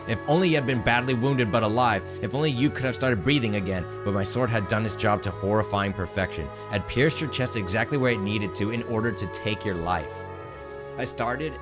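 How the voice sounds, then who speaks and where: A man with a low-pitched voice reads a game's story aloud on stream, earnest and expressive. Game music plays clearly behind his voice. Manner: earnest, expressive reading with brief surprised asides. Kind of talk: dramatic reading of game story text.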